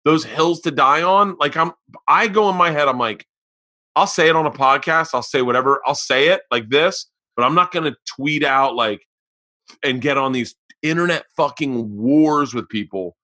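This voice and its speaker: A middle-aged man hosts a casual podcast chat, his voice bright and forceful with a somewhat high pitch. He tells stories loudly and profanely, jumping into the voices of the people in them. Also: moderate pace. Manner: loud, profane storyteller acting out voices. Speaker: podcast host.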